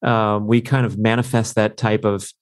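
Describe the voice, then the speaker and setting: A man's voice: fairly low pitch, level tone, clean tone. Enthusiastic male podcast host. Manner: enthusiastic, recaps points, quick asides. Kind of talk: casual podcast interview.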